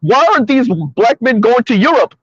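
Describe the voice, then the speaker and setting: A man's voice: very high voice, fairly quick, breathy edge, no echo. A man giving opinionated commentary in an emphatic, sarcastic way, repeating his points, talking from his car. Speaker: commentary vlogger. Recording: dull lo-fi recording.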